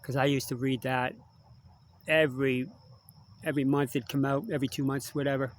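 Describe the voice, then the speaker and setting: A man's voice: mid-range voice, flat delivery, brisk, slight background noise. Rambling man, chatty and digressive. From Canada. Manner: chatty, digressive, frequent tag questions. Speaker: musician vlogger. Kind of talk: rambling casual monologue.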